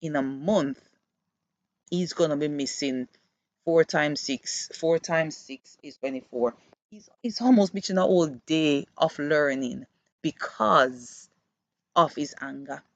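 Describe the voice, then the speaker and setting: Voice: mid-range voice, unhurried, dry recording. A podcast host who works with children gives an earnest, reflective monologue and explains through classroom stories. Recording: dull, muffled dry recording.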